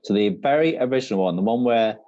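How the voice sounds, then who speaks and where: A man's voice: lowish voice, animated, fast talker, mellow, lo-fi sound. A man from Shropshire co-hosting a casual online quiz over a video call, hesitant and playful, with lots of ums. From Shropshire, England. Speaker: quiz co-host.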